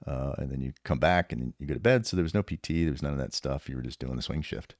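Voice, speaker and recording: A man in his fifties, a retired sergeant major and podcast guest, telling stories casually with an animated, profane manner and lots of laughter. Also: very deep voice, fast, no echo, studio quality. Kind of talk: casual storytelling.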